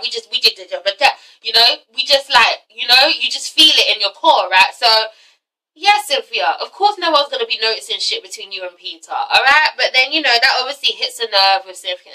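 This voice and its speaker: Sassy, bright-voiced young woman vlogger. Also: a little high, far from the mic, rough recording. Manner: chatty, sassy, swears. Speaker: TV recap vlogger. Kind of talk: casual recap vlog.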